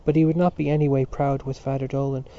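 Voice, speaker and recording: A man reading a novel aloud as narrator in a measured storytelling manner. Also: mid-range voice, flat delivery. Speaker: audiobook narrator. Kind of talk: scripted narration. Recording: dull lo-fi recording.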